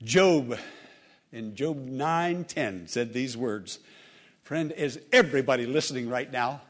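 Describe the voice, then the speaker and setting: A man's voice: medium pitch, slow pace. A male pastor preaching an emphatic sermon to a congregation, repeating phrases for emphasis. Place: church service with congregation.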